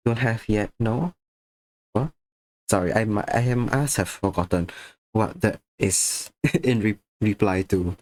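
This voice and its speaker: Drowsy guy streaming art, lowish voice, kinda slurry, dry close mic. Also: slow, dry recording. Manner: tired, drowsy and slightly slurred, chatting to viewers. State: a little sick and sleepy. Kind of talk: casual stream chat while drawing.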